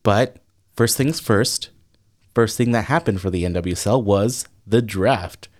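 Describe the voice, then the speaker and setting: A man co-hosting a sports podcast, opening the episode in an easygoing, relaxed way and laughing often. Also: fairly low pitch, a little slow. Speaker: podcast co-host. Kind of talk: casual podcast chat.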